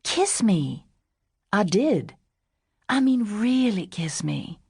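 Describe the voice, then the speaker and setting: A woman's voice: lowish voice, moderate pace, gravelly, husky, dry recording, studio quality, full character voice. A woman reading as a bold, teasing young woman. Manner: teasing, impatient, lively.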